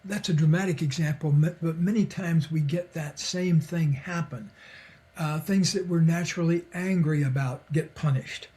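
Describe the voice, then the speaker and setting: A man's voice: a little high, moderate pace, dark tone. Older man telling stories with chuckles. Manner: reflective, chuckles often, acts out quoted voices. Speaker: podcast guest, psychologist and author. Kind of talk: relaxed conversational storytelling.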